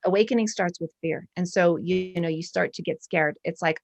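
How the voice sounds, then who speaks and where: A woman's voice: on the low side, brisk, vocal fry, hardly any pauses, muffled recording. Earnest rambling woman in her forties. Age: 40s. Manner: rambling, earnest, many restarts. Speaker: guest artist and art professor. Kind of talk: spiritual casual interview.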